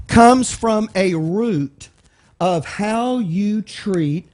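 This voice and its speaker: A man with a Texan accent and a high-pitched voice leads a Bible study in a church meeting room. He talks in a loose, conversational way, picks words apart one at a time and keeps asking his listeners questions. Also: lively intonation, drawn-out words, darkish tone. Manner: conversational, explains word by word, asks the room questions. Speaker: Bible teacher.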